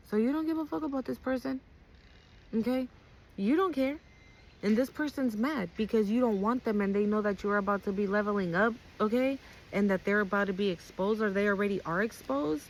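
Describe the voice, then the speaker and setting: A woman's voice: mid-range voice, slight background noise. A woman giving a casual tarot reading to her viewers, blunt and profane, repeating her points with a frequent "okay?". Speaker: tarot card reader.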